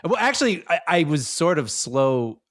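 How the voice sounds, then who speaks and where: Expressive man co-hosting a film podcast. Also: on the high side, normal speed, no room sound, clean studio sound. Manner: expressive, laughs easily, agreeable. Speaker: podcast co-host. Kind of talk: casual movie podcast chat.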